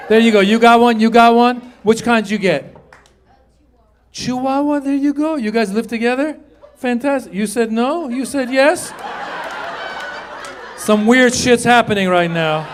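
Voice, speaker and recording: A man's voice: extremely high pitch, normal speed, pauses often. A middle-aged man doing stand-up comedy on stage, telling stories and acting out dialogue. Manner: animated storytelling, acting out dialogue. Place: comedy stage before a live audience. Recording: live show with faint crowd noise.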